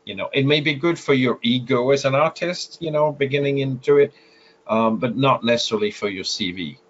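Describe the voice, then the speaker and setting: A man's voice: medium pitch, fairly quick, a little hiss or hum. French-accented man, muffled audio. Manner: explanatory, frequent filler sounds and restarts. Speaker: guest photographer. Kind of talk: interview advice.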